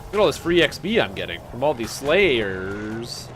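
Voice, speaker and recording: A man's voice: medium pitch, very animated, moderate pace, a bit bright, faint music behind. A man streaming a game, chatting casually and breaking into joking, incredulous rants. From Canada. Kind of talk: casual gameplay chat.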